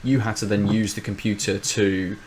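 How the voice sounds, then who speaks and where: Rambling man, low voice. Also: flat delivery, normal speed, noisy background. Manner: rambling, thinks aloud with many restarts. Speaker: podcast co-host. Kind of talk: casual chat.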